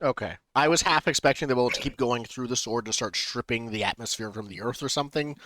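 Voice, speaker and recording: A man's voice: mid-range voice, quick pace, dry recording. A man playing in a tabletop game, describing his character's actions and thinking aloud. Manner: lively, thinking aloud with fillers. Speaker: player. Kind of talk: tabletop role-play chat.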